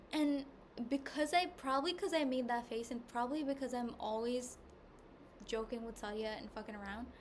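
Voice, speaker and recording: A woman podcast host telling a personal story in a candid, rambling way, with lots of "like", at times hushed and at times loud. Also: on the high side. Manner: rambling and candid, heavy use of "like", swings between hushed and loud. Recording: noisy background hiss.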